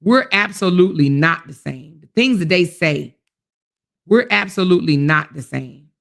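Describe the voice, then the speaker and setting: Gravelly-voiced woman hosting a livestream. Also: fairly low pitch, animated, normal speed. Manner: indignant and emphatic, repeats her points; addresses viewers directly, reads chat comments aloud. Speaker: livestream commentary host. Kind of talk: casual livestream commentary.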